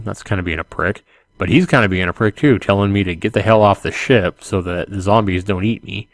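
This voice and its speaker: Casting: man, lowish voice, dry close sound, calm ASMR read-aloud with casual asides. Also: fairly quick, no echo. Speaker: channel host reading a text game.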